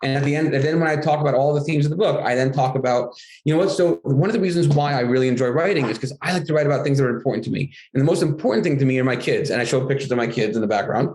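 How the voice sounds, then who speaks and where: A middle-aged man, a guest author in casual interview talk, animated and acting out his classroom dialogue in a raised voice. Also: medium pitch, rapid-fire, few pauses. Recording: roomy echo.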